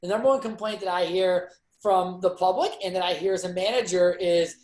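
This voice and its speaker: A man's voice: high voice, steady tone, brisk, darkish tone, echoey room. A man hosting a sales training session, talking in a chatty, upbeat, rambling way with lots of fillers. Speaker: sales manager and training host. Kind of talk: casual motivational talk on a video call.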